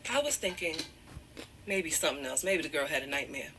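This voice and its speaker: Against a noisy background, a woman with a low-pitched, very animated voice speaks fairly quickly as a guest describing her side of a breakup. Near tears, she wanders off topic, apologizes repeatedly, and returns again and again to the word "however".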